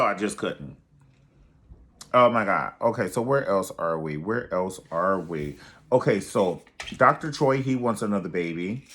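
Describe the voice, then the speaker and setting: A man's voice: deep voice, fairly bright tone. A man giving casual, dramatic commentary on a reality show, sassy and calling the listener honey. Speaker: reality TV reviewer.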